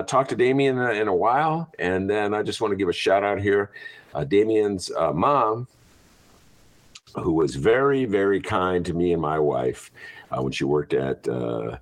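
A man hosts a loose podcast chat, his low voice swooping up and down in lively swings. He rambles and jokes, leaning on fillers as he goes. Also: normal speed. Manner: rambling, jokey, lots of uh fillers. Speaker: radio show host.

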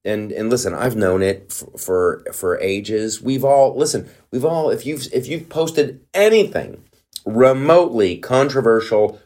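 A man's voice: medium pitch, lively intonation, measured pace, darkish tone. A middle-aged man hosting a comedy podcast, ranting in a heated, profane, worked-up way.

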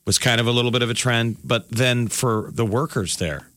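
A man hosting a morning radio show in casual chat, joking and animated, who often breaks into loud mocking impressions. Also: medium pitch, normal speed, no echo, clean studio sound.

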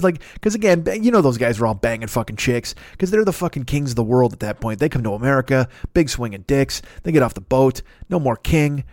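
A man's voice: medium pitch, a little mellow, no room sound, studio quality. A man in his fifties, a podcast host, delivering a profane, rambling comedic rant that keeps interrupting itself. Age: 50s.

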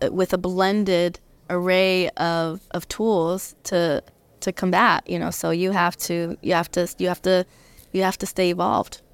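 Woman in her thirties, interview guest, smooth clear voice, dry close sound, earnest and reflective. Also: fairly low pitch, no echo. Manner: earnest, reflective, many restarts. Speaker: guest, professional fighter. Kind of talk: conversational interview. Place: convention interview.

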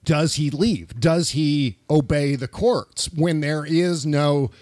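A man's voice: a little high, slow pace, no room sound, studio quality. Emphatic man talking politics. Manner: emphatic, animated, rhetorical questions. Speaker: political commentator on a podcast. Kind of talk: casual political discussion.

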